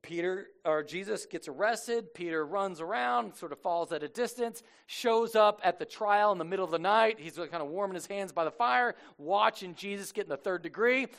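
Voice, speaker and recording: A man's voice: high-pitched, normal speed, gravelly, few pauses, fairly bright tone. A man preaching a sermon in a casual, joking storytelling way, acting out the characters as he goes. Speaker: pastor.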